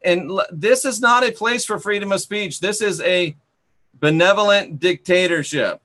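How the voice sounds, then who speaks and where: A man hosting a live chat stream, sarcastic and scolding, who reads out comments and bans rude viewers. His voice sits a bit high and comes across bright and forceful. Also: moderate pace. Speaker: channel host.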